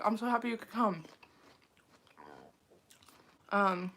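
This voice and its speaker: A woman's voice: medium pitch, fairly quick, a bit bright. Chatty, frazzled young woman livestreaming. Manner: chatty, frazzled, uses many fillers. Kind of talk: casual live stream chat.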